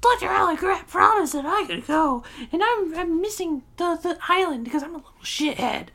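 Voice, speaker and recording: A podcast host voicing a whiny, angry teenage boy in a shrill shout. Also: lively intonation, normal speed, creaky, full character voice.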